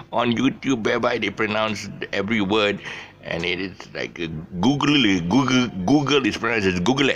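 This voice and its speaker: An older man with a hoarse voice, teaching an informal lesson, halting with many fillers and restarts. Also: sits low, a bit bright, slight background noise. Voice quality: hoarse, gravelly voice. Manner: halting, many fillers and restarts, chuckles at his own jokes. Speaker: English teacher.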